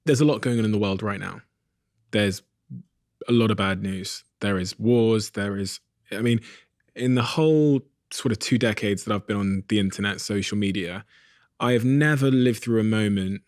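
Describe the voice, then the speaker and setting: A man hosting an interview, speaking thoughtfully and haltingly as he searches for his words. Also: lowish voice, a little mellow, no room sound, studio quality. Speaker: podcast host. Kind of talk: reflective interview questions.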